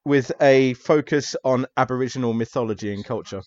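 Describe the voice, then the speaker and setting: A man narrating as game master of a tabletop horror game, relaxed and chatty with frequent ums. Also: medium pitch, a little fast, no room sound, muffled recording.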